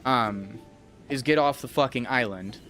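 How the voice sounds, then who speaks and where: A man's voice: medium pitch, a little slow, pushed and bright, soft background music. A young adult man casually rambling and swearing as he streams a game and talks to his chat. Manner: profane, rambling, talks to chat while playing. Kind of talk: casual gameplay commentary.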